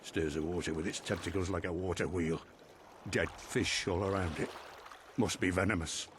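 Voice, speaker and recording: A man's voice: sits low, fairly even intonation, moderate pace, background noise, natural voice. An actor playing a townsman in a game, talking in an ominous way about a beast.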